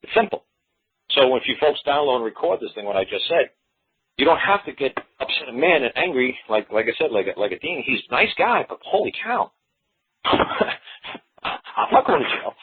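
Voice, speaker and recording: A man's voice: mid-range voice, very animated, a little fast, breathy edge. A man hosting a radio show, rambling in a folksy way and repeating himself as he explains. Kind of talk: casual talk radio monologue. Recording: tinny phone-line audio.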